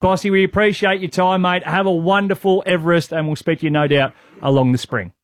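Laid-back Australian radio co-host. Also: male voice, high-pitched, fairly even intonation, brisk, dry recording. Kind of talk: casual radio banter.

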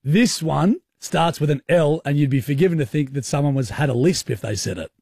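A man hosts a radio quiz in a slightly husky, fairly high voice, recorded dry and close. He teases his co-hosts with cheeky hints and mock outrage. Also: animated, fairly quick, darkish tone, no echo. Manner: teasing, dropping cheeky hints.

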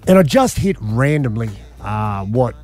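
A man's voice: mid-range voice, measured pace, faint music behind. A man in his forties with an Australian accent, a radio host telling a long personal story in casual chat, full of "mate" and "man" fillers. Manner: animated, emphatic, frequent "man" and "mate" fillers.

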